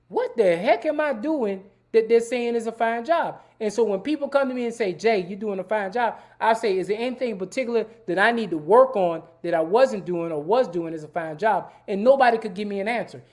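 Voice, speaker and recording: A middle-aged man hosting a live-stream talk show, speaking in an emphatic, preachy way, repeating words and calling out to viewers as y'all. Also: high voice. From Savannah, Georgia, US. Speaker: host.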